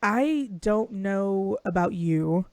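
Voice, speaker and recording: A woman's voice: medium pitch, lively intonation, drawn-out words, a little mellow, no room sound. A young woman co-hosting a casual sports chat stream, bubbly and laughing often, swearing freely. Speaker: podcast co-host.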